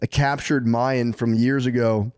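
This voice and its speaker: A man's voice: medium pitch, flat delivery, unhurried, darkish tone. A man co-hosting a comedy podcast, retelling a story in a laid-back, profane, rambling way. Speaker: podcast co-host.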